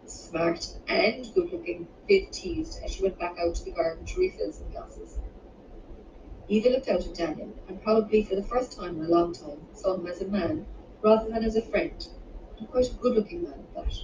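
A woman reading her own romance novel aloud in a measured, unhurried way, with the odd small restart. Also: medium pitch. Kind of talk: audiobook narration. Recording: roomy, distant, muffled home recording with background noise.

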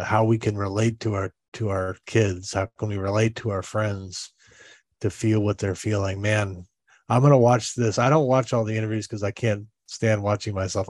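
A man's voice: fairly low pitch, a little mellow, no room sound, studio quality. A male podcast host, effusive and stumbling over his words as he wraps up an interview. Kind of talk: interview wrap-up.

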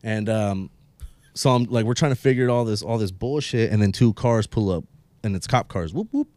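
A man's voice: fairly low pitch, moderate pace, a little mellow, no room sound. A young man co-hosting a casual podcast, telling a long story in laid-back, profane slang. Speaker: podcast co-host. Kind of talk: casual chat.

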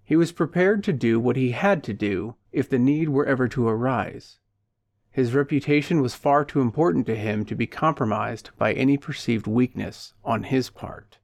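A male audiobook narrator with a mid-range voice, reading a dark short story in a steady, even way. The recording is dry and close, with no room sound. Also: medium pitch, normal speed, creaky, no room sound. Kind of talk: scripted narration.

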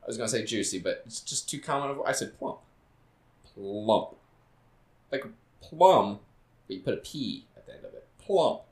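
A man's voice: mid-range voice, animated, brisk. A young man co-hosting a podcast, teasing his friend with crude jokes and frequent swearing. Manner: teasing, swearing, laughs often. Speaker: podcast co-host. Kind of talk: crude casual podcast banter. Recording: echoey room.

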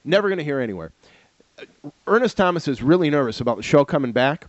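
A man co-hosting a casual podcast about old TV shows, telling stories with animated asides. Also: on the high side, no echo. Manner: animated storyteller, does quick impressions. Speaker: podcast co-host. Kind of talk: casual retro TV chat. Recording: dull lo-fi sound.

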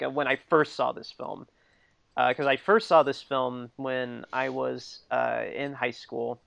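A man's voice: medium pitch, creaky, fairly bright tone, dry recording. A man in his thirties co-hosting a podcast in casual chat, rambling with lots of fillers and laughing often. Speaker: podcast co-host. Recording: dull lo-fi dry recording.

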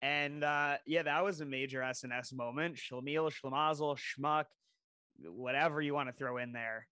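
Bright-voiced young man telling stories. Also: medium pitch, normal speed, clear, resonant tone, no room sound. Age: 20s. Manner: animated storytelling, heavy swearing. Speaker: podcast co-host. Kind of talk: casual podcast chat.

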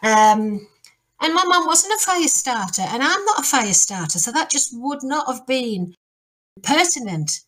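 A woman's voice: sits high, very animated, measured pace, fairly bright tone. A middle-aged woman hosting a podcast, chatty and rambling with asides and restarts. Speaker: podcast host. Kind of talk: casual chat.

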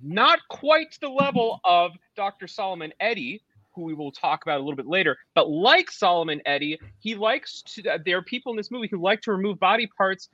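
A man's voice: sits high, expressive, fairly quick, pushed and bright, no room sound, lo-fi sound. A man co-hosting a podcast, giving a rambling, sarcastic movie review in casual chat. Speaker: podcast co-host.

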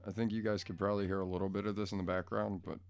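A vlogger at home goes on a crude, blunt, profane rant to his viewers, casual and rambling and easily distracted. His low-pitched voice has vocal fry and little pitch movement, and he speaks very fast.

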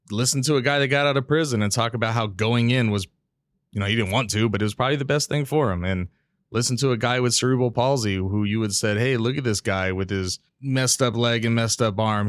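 A man's voice: medium pitch, no room sound. A man hosting a casual solo podcast, talking in a candid, rambling way with frequent restarts and casual swearing, close to a mic with a pop filter. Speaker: podcast host. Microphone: studio mic with pop filter.

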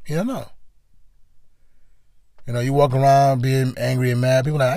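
A man's voice: medium pitch, normal speed, long pauses, darkish tone, dry recording, studio quality. A man hosting a motivational monologue, talking in an earnest, conversational way and often repeating his phrases. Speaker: podcast host.

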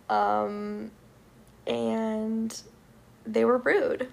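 A woman's voice: on the high side, fairly even intonation, slow, gravelly, slight background noise. A young woman telling a frustrated, profane storytime rant to her viewers, full of "like" and swearing. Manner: frustrated, profane, filler-heavy with many "like"s. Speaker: vlogger.

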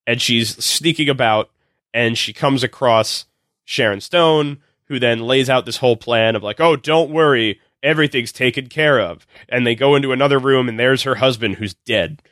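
A man, a podcast guest, retelling a film's plot in casual, animated, swearing chat. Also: mid-range voice, normal speed, dry recording, clean studio sound. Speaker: podcast guest recapping a film.

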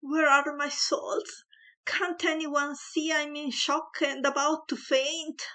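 A fussy, easily horrified upper-class mother with a high, shrill and melodramatic voice. A woman narrator plays her for a storybook, pitched well above her own reading voice. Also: expressive, normal speed, gravelly, fairly bright tone, husky, heavily acted. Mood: hysterical.

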